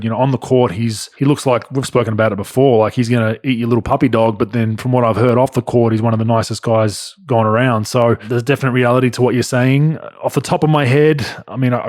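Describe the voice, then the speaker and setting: Casual Australian male podcast host, thirties, mid-pitched, dry close mic. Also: a little mellow, no echo. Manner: laid-back, blunt, swears casually. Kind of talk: casual podcast chat, reading listener questions.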